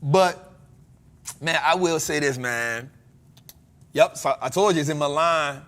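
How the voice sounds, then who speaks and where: An American man hosting a casual chat, joking and breaking into loud exclamations. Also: fairly high pitch, takes it slowly. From United States. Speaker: podcast host.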